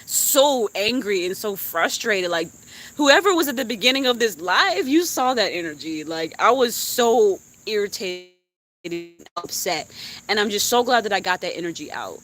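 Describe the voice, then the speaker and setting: A woman's voice: medium pitch, normal speed. Emotional young woman venting on a live stream. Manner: heartfelt and animated, swearing and laughing. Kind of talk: emotional casual chat.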